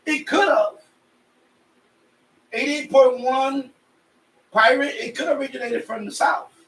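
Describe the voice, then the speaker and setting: A man's voice: very high voice, measured pace, fairly bright tone. A Puerto Rican man from New York, chatting casually on a radio hobby live stream, rambling and repeating himself, sweaty from the heat. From Puerto Rican family, raised in New York. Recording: echoey room, voice a bit far off.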